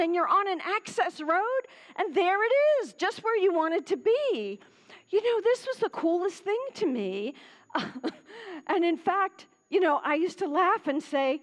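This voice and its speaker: A woman minister from Pennsylvania preaches in a high, bright-toned voice. She is lively and chatty, then drops to soft, hushed tones. Her words ring with the long reverb of a church hall. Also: unhurried. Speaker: guest minister. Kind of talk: sermon. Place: church sanctuary.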